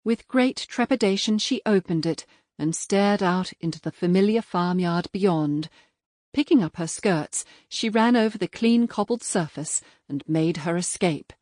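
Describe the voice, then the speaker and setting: A woman reading a mystery audiobook in a measured, even scripted narration. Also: lowish voice, no room sound, studio quality.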